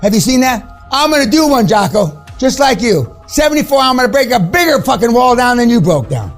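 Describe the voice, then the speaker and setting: A man's voice: extremely high pitch, sing-song, fairly quick, soft background music. A man in his seventies giving a blunt, profane, confrontational motivational rant, mocking his listeners. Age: 70s. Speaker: business speaker.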